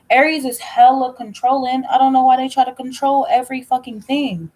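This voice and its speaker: A young woman, telling a personal story in casual chat, blunt and animated, swearing freely. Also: sits high, normal speed, few pauses, poor audio. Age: young adult. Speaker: tarot reader telling a story.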